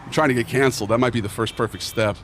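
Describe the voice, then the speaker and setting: A man's voice: mid-range voice, steady tone, racing, a bit bright, a little hiss or hum. A man streaming a game, chatting casually in a rambling, joking bro manner with mock earnestness. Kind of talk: casual chat while playing a game.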